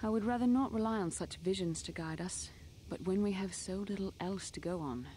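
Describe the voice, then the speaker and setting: A woman's voice: medium pitch, fairly quick, warm tone, a little hiss or hum, close to an everyday voice. An actress voicing a young female Jedi in a video game, with a British accent and a composed, formal way of speaking. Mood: earnest.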